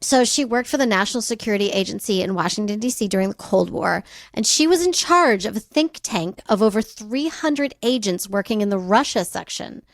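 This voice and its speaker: A woman's voice: medium pitch, lively intonation, brisk, hardly any pauses, no room sound, clean studio sound. A woman co-hosting a podcast, telling a history story in casual chat with slangy, laughing asides. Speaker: podcast co-host.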